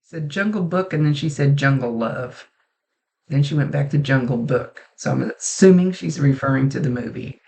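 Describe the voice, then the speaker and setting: A woman psychic medium talks through a reading in a casual, halting way, often breaking off and restarting her sentences. Her voice has a gravelly, creaky edge. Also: extremely low pitch. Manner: halting, restarts sentences, relays messages in a soft conversational way.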